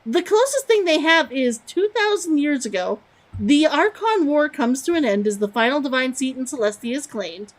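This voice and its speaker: A woman's voice: sits high, rough recording. A woman streaming a game, chatting casually and musing aloud as she reads lore text from the screen.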